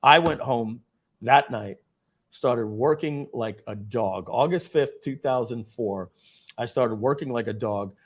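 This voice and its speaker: A man's voice: medium pitch, unhurried. A middle-aged man, a company founder, telling a dramatic personal story at a company event and acting out the scenes.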